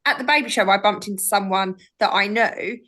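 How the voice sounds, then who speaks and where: A woman's voice: mid-range voice, brisk, a bit bright. A woman, chatting casually as a podcast guest and telling stories animatedly. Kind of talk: casual chat.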